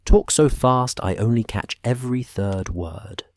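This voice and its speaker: A man's voice: mid-range voice, measured pace, no echo, lightly acted. A man voicing a mild-mannered Welsh dragon handler with a Welsh accent. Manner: mild, comfortable.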